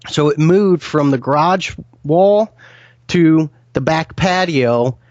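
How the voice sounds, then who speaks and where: A man with a slightly high, darkish voice speaks slowly as he earnestly relates a frightening encounter in detail to an interviewer, frequently restarting his sentences. The recording has no room sound and the highs are cut off.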